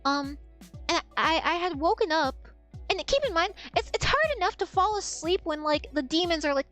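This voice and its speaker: A young woman streamer telling an animated, profane story in casual chat. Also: very high-pitched, normal speed, faint music behind.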